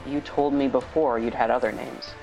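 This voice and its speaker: A man's voice: medium pitch, fairly even intonation, moderate pace, music in the background, lightly acted, poor audio. A man voicing a wry, grumbling young male wanderer in a story read aloud on a podcast. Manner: dry and grumbling.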